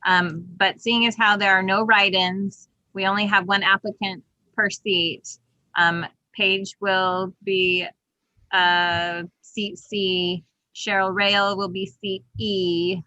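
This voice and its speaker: A woman's voice: mid-range voice, flat delivery, slow, bright, forceful tone, no room sound, dull audio. A woman chairing an online meeting over a video call, explaining procedures step by step in casual talk.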